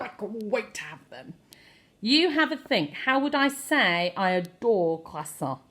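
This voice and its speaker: Lively woman teaching French phrases. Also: fairly low pitch, a little slow. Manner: lively, expressive, playful overacting of phrases. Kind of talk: online language lesson.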